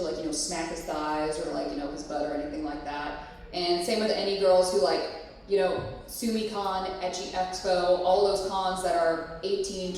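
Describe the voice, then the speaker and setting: A lowish-voiced woman presents a convention panel before a live audience in a frank, casual manner, swearing at times and filling her talk with "like, you know." A distant mic records an echoey room with a little hiss or hum.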